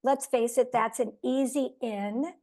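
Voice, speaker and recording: A woman with a slightly higher-than-average, steady, dark-toned voice shares her personal tips with her team over a video link during a coaching call. Earnest in manner, she readily laughs at her own expense.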